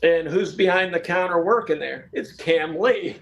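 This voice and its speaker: A man from Florida, a podcast guest telling a story in a brisk, matter-of-fact way. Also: fairly high pitch, highs cut off. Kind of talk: casual storytelling.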